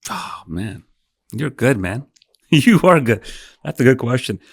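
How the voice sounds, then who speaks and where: A man's voice: medium pitch, big pitch swings, measured pace, vocal fry, husky, no room sound, studio quality. A man in his thirties, a podcast guest, telling an emotional story, acting out dialogue and swearing freely. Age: 30s.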